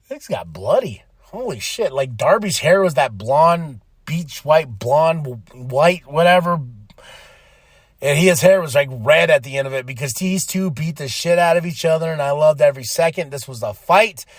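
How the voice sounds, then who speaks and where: An excitable man hosting a podcast, rambling and swearing as he recaps. His voice sits a little high and sounds dry and close to the mic. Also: moderate pace, no echo. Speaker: podcast host. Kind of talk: casual recap chat.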